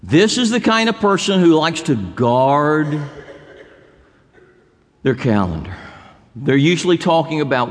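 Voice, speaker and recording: A man's voice: on the high side, sing-song, unhurried, pauses often. A male pastor preaching a sermon in a church sanctuary, building to emphatic repetition. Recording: long hall reverb.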